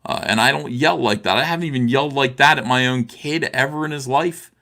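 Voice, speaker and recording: A man's voice: mid-range voice, brisk, creaky, bright, forceful tone. A middle-aged man on a video call, speaking with impassioned heat, full of restarts and "uh"s. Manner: impassioned, repetitive, restarts with many "uh"s. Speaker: livestream guest. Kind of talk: heated livestream talk.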